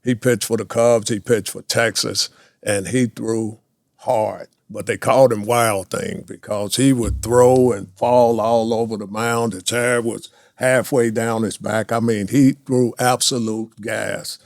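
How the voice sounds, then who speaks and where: A man in his sixties, a former pro baseball player, telling lively anecdotes in a casual chat and laughing often. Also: fairly low pitch, measured pace, creaky, no echo, clean studio sound. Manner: animated anecdotes, laughs often, acts out quotes.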